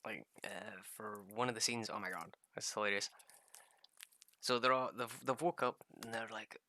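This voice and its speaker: A man's voice: lowish voice, moderate pace, vocal fry, pushed and bright, slight background noise. A young man rambling through a casual gameplay chat, swearing freely and laughing at his own stories. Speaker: gaming streamer.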